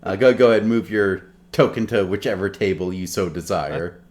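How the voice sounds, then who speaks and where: A man's voice: deep voice, brisk. Laid-back man running a tabletop game. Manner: relaxed, filler-heavy narration. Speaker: game master.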